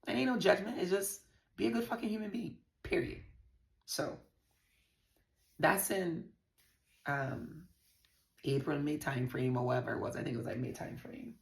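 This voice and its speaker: Telling her viewers a personal story with candor and profanity, this Virgin Islands vlogger speaks at a moderate pace with vocal fry and long pauses. Her voice is low, and the sound is roomy.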